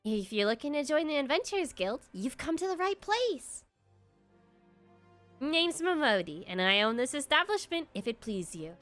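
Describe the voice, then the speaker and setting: A woman voicing a motherly female tavern keeper who runs an adventurers' guild, reading game dialogue aloud in a slow put-on southern drawl. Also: high voice, very animated. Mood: warm, storytelling. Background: soft background music.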